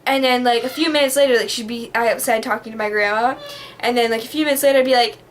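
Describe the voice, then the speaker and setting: A fairly high-voiced woman chats away in a bubbly, rambling vlog monologue, peppering nearly every phrase with "like." Her manner is dramatic and chatty, with a faint hiss of room noise underneath. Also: steady tone, fast. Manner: rambling, heavy on the filler word "like". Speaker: vlogger. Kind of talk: casual reminiscing monologue.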